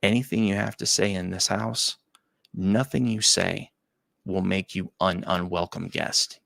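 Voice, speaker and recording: Man, talk host, deep gravelly voice, dry close sound, emotional, halting, repeats words. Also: fairly even intonation, no echo. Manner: halting, repeats words, often drops to a quiet near-whisper. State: choked up. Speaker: show host. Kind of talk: emotional personal storytelling.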